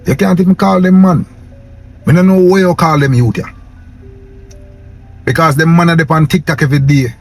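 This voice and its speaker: Fairly high-pitched and steady in tone, a young Jamaican man talks at normal speed with frequent pauses during his casual to-camera vlog rant. His Patois-accented delivery is impassioned and preachy, dotted with "yo" and "man," over faint music.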